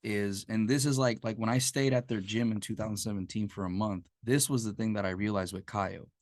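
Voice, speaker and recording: A man's voice: on the low side, steady tone, a little fast, no echo, studio quality. A man hosting a casual podcast, telling stories animatedly and swearing freely. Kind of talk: casual chat.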